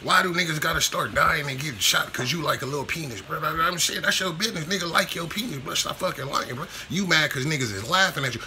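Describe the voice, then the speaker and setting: A man's voice: fairly high pitch, lively intonation, fast talker, hardly any pauses, pushed and bright, a little hiss or hum. A man vlogging a casual commentary rant, profane and repetitive in his street slang.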